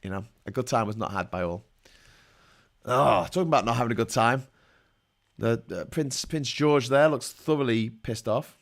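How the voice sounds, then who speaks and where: A man's voice: medium pitch, normal speed. A man hosting a live-stream commentary, hamming it up in a jokey pirate persona with growled "yars" and rambling, irreverent asides. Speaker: livestream host.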